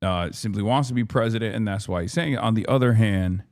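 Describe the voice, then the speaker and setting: A man's voice: fairly low pitch, fast talker, a little mellow. A man hosting a livestream, ranting in frustrated, profane political commentary. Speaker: livestream host.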